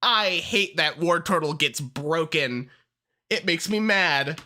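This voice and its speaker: Streamer, casual livestream commentary, profane, excitable, bright sharp tone, slow drawn-out delivery. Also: mid-range voice. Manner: excitable and heavily profane, rants then laughs.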